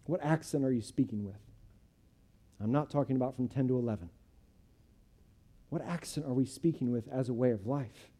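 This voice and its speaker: A pastor preaching a sermon to his church and closing in prayer, speaking earnestly in short, measured phrases. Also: medium pitch, mellow.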